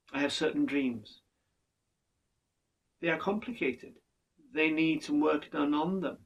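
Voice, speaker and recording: An older man, talking in an earnest, measured monologue and often restarting his words. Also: fairly high pitch, gravelly, recorded from a distance, rough recording. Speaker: podcast speaker. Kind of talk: reflective monologue.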